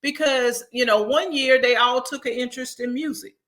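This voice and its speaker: A woman, a mother of four, chatting as a guest and telling family stories in a lively, animated way. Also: high-pitched, normal speed. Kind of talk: casual storytelling chat.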